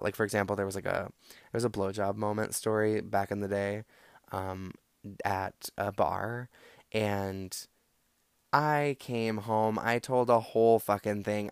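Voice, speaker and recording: Rambling, profane young man with gravelly voice. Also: fairly low pitch, no echo. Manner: rambling, profane, lots of "like" fillers. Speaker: podcast host. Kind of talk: casual storytelling monologue.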